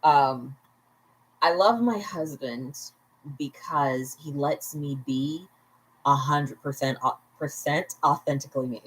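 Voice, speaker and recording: At home at bedtime, a tipsy woman hosts a casual livestream, rambling, laughing often, and making chatty asides to viewers. Her voice is deep and slow, and the poor audio carries a little hiss or hum.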